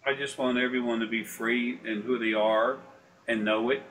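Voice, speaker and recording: A man's voice: medium pitch, steady tone, normal speed, a bit bright, slight background noise, rough recording. A man talking as a spiritual consultant in rambling, profane casual chat that often turns preachy.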